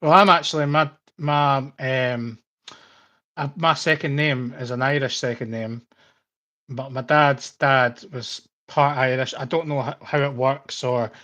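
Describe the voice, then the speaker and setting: A man's voice: mid-range voice, steady tone, measured pace, bright, forceful tone. A man hosting a podcast in casual chat, rambling and laughing often. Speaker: podcast host.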